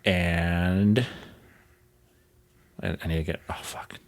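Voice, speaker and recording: A man's voice: sits low, fairly even intonation, slow, vocal fry. A man co-hosting a casual podcast, talking in a blunt, dry, teasing way. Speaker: podcast co-host.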